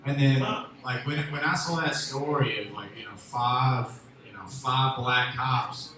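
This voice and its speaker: A man from Memphis doing a stand-up comedy set, rambling and restarting, with loud bursts on his punchlines. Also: medium pitch, measured pace. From Memphis, USA. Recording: echoey room with faint ambient noise.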